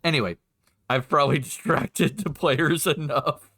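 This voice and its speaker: A man who is a game master and streamer chats casually while setting up the session. His voice is a little high, pushed and bright, and unhurried, and he rambles, chats, and interrupts himself.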